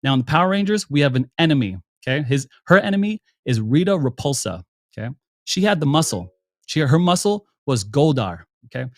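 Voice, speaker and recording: A man's voice: a little high, big pitch swings, fairly quick, no echo. Guy on a panel walking through his point, keeps saying okay, dry sound. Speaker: panel guest. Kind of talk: casual panel chat.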